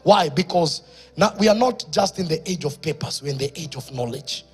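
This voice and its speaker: A man with a Kenyan accent, a pastor preaching a sermon in church, moving from quiet storytelling to loud exhortation. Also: fairly high pitch, expressive, normal speed, faint music behind.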